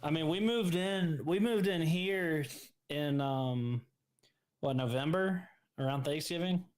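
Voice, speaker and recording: A man's voice: fairly high pitch, takes it slowly, clean tone, poor audio. A man chatting casually on a podcast, rambling and restarting his sentences as he talks about building a home. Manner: rambling, hesitant with many restarts. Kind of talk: casual chat.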